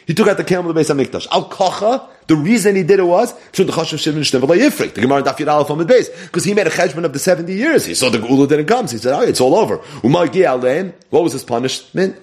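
Talmud teacher, male, somewhat high voice, very lively intonation. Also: quick pace, few pauses. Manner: animated, mixes Hebrew and Yiddish terms into English. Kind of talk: Talmud lecture.

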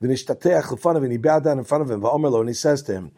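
A man teaching a Talmud class reads each passage aloud, then explains it in casual English with asides and restarts. His voice is mid-range and dark, and he races along with few pauses.

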